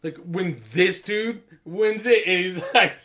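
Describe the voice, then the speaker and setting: Man, somewhat high voice, casual podcast chat, animated, swearing, laughing. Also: slow pace.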